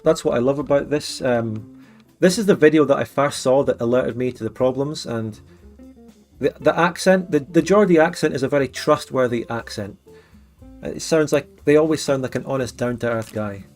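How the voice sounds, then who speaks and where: A man's voice: mid-range voice, normal speed, darkish tone. Casual male streamer host, rambling and joky, faint music behind. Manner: rambling, joking, many fillers. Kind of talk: casual livestream chat.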